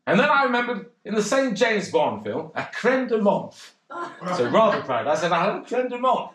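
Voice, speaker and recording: Actor doing shy pianist, stammery, self-mocking, swoopy voice, echoey theatre. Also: male voice, sits high, sing-song, normal speed, a bit bright. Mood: rambling. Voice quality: self-deprecating, hesitant, with comic stutters. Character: bashful, rambling male cocktail pianist. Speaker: actor in a one-man stage play. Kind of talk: theatrical monologue. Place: theatre stage. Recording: roomy theatre.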